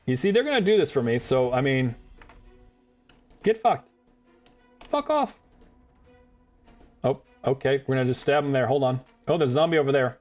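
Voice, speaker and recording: A man's voice: medium pitch, lively intonation, quick pace, darkish tone, faint music behind. A man streaming a video game, talking in casual commentary; he jokes, swears and rambles, laughing often. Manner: joking, profane, rambling with frequent laughs.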